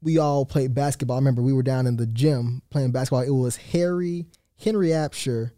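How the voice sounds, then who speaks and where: A man's voice: mid-range voice, a little fast, warm tone, dry recording. A young man from Atlanta, Georgia, a student guest giving earnest, polite answers in a studio interview. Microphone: studio mic.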